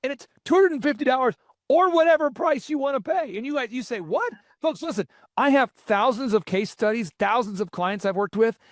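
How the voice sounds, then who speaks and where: Man, 40s, podcast host, upbeat storyteller, high-pitched, dry close sound. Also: brisk, dry recording. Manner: energetic storytelling with many fillers and restarts. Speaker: podcast host and business coach. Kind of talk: motivational business talk.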